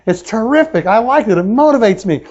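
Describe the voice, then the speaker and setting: A man speaking as a motivational speaker at a sales meeting, talking excitedly and pushing the crowd with questions in a live seminar talk. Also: sits high, a little fast, muffled recording. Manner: excitable, pushy, talks straight to the crowd with questions.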